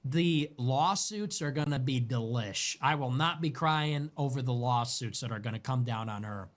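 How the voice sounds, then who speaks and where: A man's voice: medium pitch, moderate pace. A man ranting angrily on his livestream, scornful and repetitive as he hammers his points home. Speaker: livestream host. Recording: played back as a stream clip.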